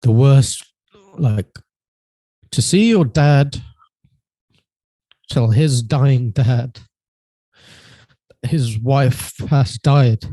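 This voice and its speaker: A man telling a personal story as a podcast guest, halting and hesitant, often trailing off quietly. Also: medium pitch, dry recording.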